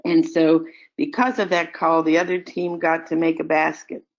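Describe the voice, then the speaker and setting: An older woman answering audience questions in a calm, explanatory way, weaving in stories. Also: deep voice, a little slow. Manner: calm, explanatory, tells stories with acted quotes. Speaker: expert guest answering questions. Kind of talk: online question-and-answer session. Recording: dull lo-fi audio.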